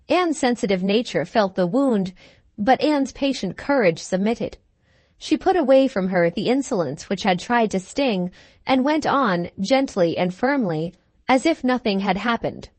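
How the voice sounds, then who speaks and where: A woman narrating a classic novel with measured, even storytelling. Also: medium pitch, no echo. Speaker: audiobook narrator. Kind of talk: scripted narration of a Victorian novel.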